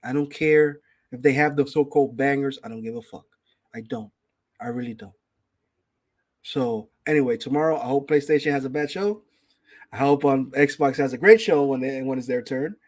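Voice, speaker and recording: A man's voice: medium pitch, normal speed, a little mellow. A man hosting a casual gaming podcast, ranting with heavy profanity and reading out chat names. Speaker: podcast host.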